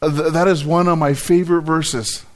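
A man delivers a sermon in a fairly high voice. He is emphatic, often repeating words and slowing to stress key phrases as he explains scripture. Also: steady tone. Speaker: preacher.

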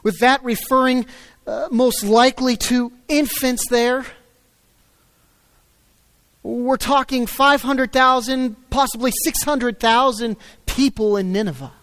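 A man preaching a sermon, swinging between loud emphatic stresses and low quiet asides. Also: fairly even intonation, slow pace, dry recording. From United States. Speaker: pastor.

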